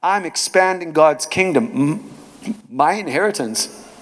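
A man preaches with earnest, conversational warmth, telling stories from the pulpit. His voice sits a little high for a man. A long reverb from a church hall hangs behind every line. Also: animated, slow pace. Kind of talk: sermon.

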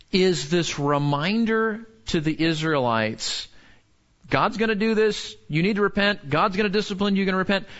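A man leads a Bible class in an earnest way, with a fairly high voice and many quick restarts as he puts questions to the group. The recording sounds dull and lo-fi. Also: a bit bright. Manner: earnest, asks the room questions, frequent restarts. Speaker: pastor or teacher. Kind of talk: interactive Bible teaching.

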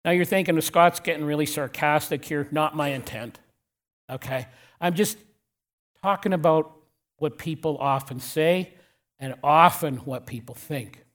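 A male pastor preaching a sermon in a church, blunt and direct, repeating key lines and slowing down to drop his voice on the important words. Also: on the high side, a bit bright.

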